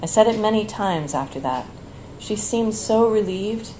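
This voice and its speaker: A woman reading her own personal essay aloud at a bar event, in a measured, reflective, tender way. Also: medium pitch, animated, dark tone, slight background noise, low-quality recording.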